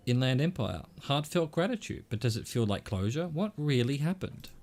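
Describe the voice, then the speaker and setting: A man's voice: medium pitch, sing-song, normal speed, few pauses, darkish tone. A middle-aged man from Australia reading a narrative game aloud as a streamer, voicing its characters' lines and narration in his own voice with casual asides.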